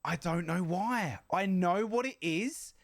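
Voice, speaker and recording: Hyped young guy reacting live, yelling at chat, really dry close sound. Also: high-pitched, slow pace, no echo. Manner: excitable, shouty, jokey, talks to chat. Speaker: streamer reacting to a video.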